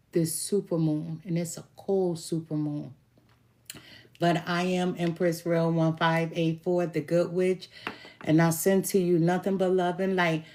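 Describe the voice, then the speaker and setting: A woman reading tarot as a self-styled good witch, talking casually to camera with laughs and a few swear words. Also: fairly low pitch. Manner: chatty, laughing, swears while telling stories. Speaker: tarot reader calling herself a good witch.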